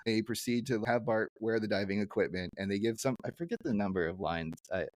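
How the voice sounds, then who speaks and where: A man co-hosting a casual podcast, recapping a cartoon episode with lots of fillers and quick jumps into silly character voices. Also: a little mellow, a little hiss or hum. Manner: rambling, many fillers, breaks into silly high character voices when quoting. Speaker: podcast co-host.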